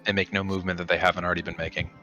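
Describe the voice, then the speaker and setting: A man's voice: low-pitched, level tone, racing, pushed and bright, highs cut off, faint music behind. A man narrating as dungeon master of a tabletop game, describing scenes with frequent ums and restarts. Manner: descriptive, hesitant with many ums.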